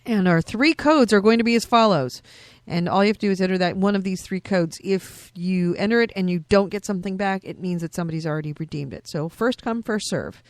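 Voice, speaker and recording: A woman co-hosting a gaming podcast in a casual, joking way, loose and quick to swear. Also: medium pitch, no room sound. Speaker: podcast co-host.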